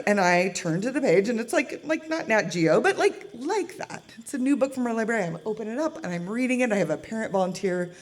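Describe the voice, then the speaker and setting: A middle-aged woman from the Pacific Northwest, telling a comic true story on stage, chatty and laughing as she acts out the quotes. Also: mid-range voice. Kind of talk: live comedic storytelling.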